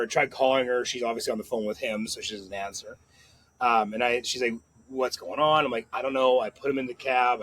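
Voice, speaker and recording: A man hosting a podcast, telling a rambling story in casual chat with quick asides and frequent swearing. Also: mid-range voice, a bit bright, rough recording. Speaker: podcast host.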